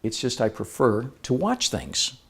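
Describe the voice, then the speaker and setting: A man's voice: mid-range voice, huge pitch swings, unhurried, gravelly, fairly bright tone, slightly rough. A man speaking to a live seminar audience, playful and engaging, asking the crowd questions as he goes.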